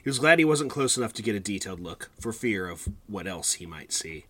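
Bright-voiced man reading his old story aloud. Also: fairly low pitch, very animated, brisk, breathy edge. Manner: laughs often, interrupts his own reading with asides. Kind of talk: casual chat with read-aloud fiction.

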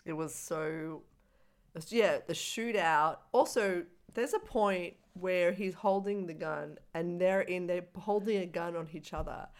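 An Australian woman co-hosting a podcast, retelling film scenes in a casual chat, animated and laughing as she acts them out. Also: lowish voice, measured pace. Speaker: podcast co-host.

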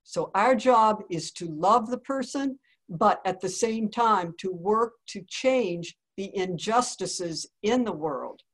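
A woman telling a story in an earnest, deliberate way, like a spiritual talk to listeners. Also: medium pitch, lively intonation.

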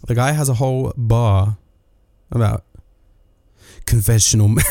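A man's voice: mid-range voice, fairly even intonation, slow, pauses often, mellow, dry recording, studio quality. A man, delivering a sardonic, rambling comic monologue full of asides.

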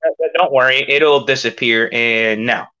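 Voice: medium pitch, normal speed, bright, forceful tone, clean tone, voice pushed down, close to an everyday voice. A woman voicing a showy male hero applicant with a breezy, reassuring manner. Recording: dull lo-fi audio.

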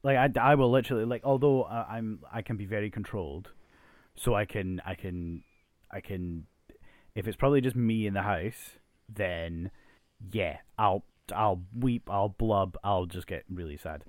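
A man co-hosting a casual chat podcast, chatty and self-correcting, dropping into a soft low voice as he muses. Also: normal speed, dry recording. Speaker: podcast co-host; teacher.

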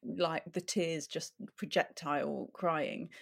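A woman's voice: low voice, fairly even intonation, takes it slowly, gravelly, slightly rough. A woman from England, a podcast guest, chatting casually and giggling often. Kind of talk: casual chat.

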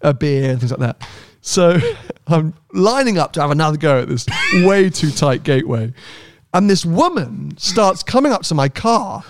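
A man co-hosting a podcast, telling a story in casual chat, animated and often laughing as he acts out what people said. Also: fairly high pitch, normal speed, slight background noise. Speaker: podcast co-host.

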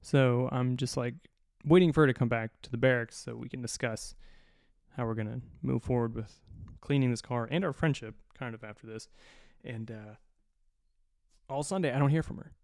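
A man hosting a podcast, telling a long personal story in a profane, animated, self-mocking way. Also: medium pitch, normal speed, creaky, no echo, clean studio sound. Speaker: podcast host. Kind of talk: casual storytelling.

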